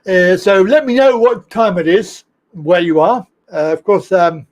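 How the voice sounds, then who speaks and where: Man, high voice, live stream host, casual chatty rambling, laughs at own mistakes. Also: measured pace, lo-fi sound. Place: home studio, in Thailand.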